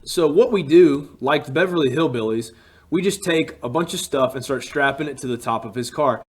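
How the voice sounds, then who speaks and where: A man from Alabama, telling a personal travel story in a casual, animated way and acting out what people said. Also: medium pitch, normal speed, slightly rough. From Alabama, USA. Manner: animated, acts out quotes with rising emphasis.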